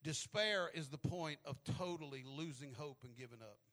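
Male preacher, high bright voice, storytelling that swells into shouted preaching. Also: moderate pace. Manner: repeats words when starting phrases. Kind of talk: sermon.

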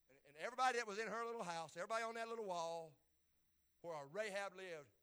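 A man preaching a sermon in an animated, repetitive style that builds to exclamations. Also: high voice, fast talker, smooth.

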